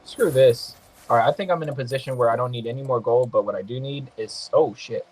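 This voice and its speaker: A young man commenting on his own mobile game match, excitable and swearing freely, with quick apologetic asides. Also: mid-range voice. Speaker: gaming podcast host. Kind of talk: casual gameplay commentary.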